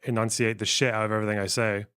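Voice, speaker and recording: Chatty low-voiced man with a mild Scottish accent. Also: flat delivery, rapid-fire, fairly bright tone, smooth. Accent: mild Scottish, softened. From Scotland. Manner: chatty, swears often, thinks aloud. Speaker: streamer. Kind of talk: casual live-stream commentary.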